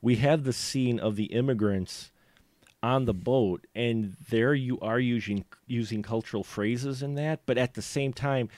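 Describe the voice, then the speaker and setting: A man's voice: medium pitch, measured pace, a little mellow, no room sound. A man from the upper Midwest co-hosting a podcast, rambling and laughing as he talks about films. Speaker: podcast co-host. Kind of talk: casual film discussion.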